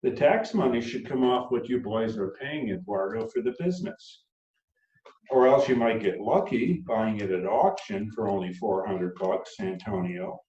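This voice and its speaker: A man's voice: fairly low pitch, normal speed, a little mellow, close to an everyday voice. A man voicing a folksy, easygoing small-town sheriff. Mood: regretful. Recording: roomy, dull sound from far off.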